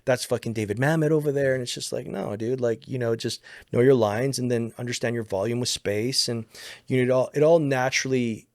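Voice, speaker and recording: A man's voice: medium pitch, brisk, darkish tone, no room sound, clean studio sound. A man, an acting coach talking in a casual podcast chat, emphatic and rambling, swearing freely.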